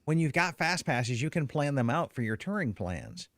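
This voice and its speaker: A man's voice: medium pitch, big pitch swings, fairly bright tone, dry recording. Man hosting a podcast, dry close sound. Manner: brisk, organized, steering the conversation. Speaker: podcast host. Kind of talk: casual podcast chat and ad read.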